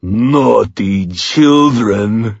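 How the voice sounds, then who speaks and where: A man voicing a hulking, greedy male troll in an audiobook, with a gravelly, rumbling voice, broken speech and slow, drawn-out bellowing. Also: no echo, dull audio, exaggerated voice. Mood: menacing. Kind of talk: audiobook character voice.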